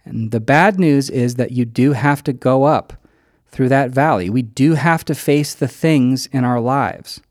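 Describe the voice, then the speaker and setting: A man preaching a sermon, telling a personal story with animated delivery and acting out quoted lines. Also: medium pitch, unhurried, no room sound, studio quality. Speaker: pastor.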